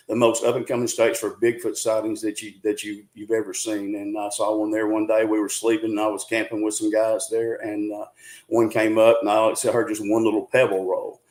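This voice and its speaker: A man's voice: fairly low pitch, poor audio. A man in his sixties from Arkansas with a Southern accent, talking as a guest in a casual interview in a folksy, rambling, friendly way. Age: 60s. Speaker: guest, Bigfoot researcher.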